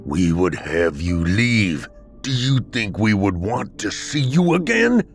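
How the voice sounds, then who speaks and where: A man's voice: lowish voice, very animated, slow pace, vocal fry, soft background music, full character voice. A man doing a bitter, grave old ghost man.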